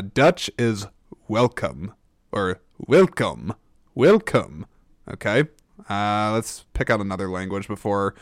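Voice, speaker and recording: A man's voice: lowish voice, fairly bright tone, clear, resonant tone, no room sound. Rambling man hosting a podcast, dry sound. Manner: rambling, self-deprecating, frequent stammered restarts. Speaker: podcast host. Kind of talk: casual solo podcast monologue.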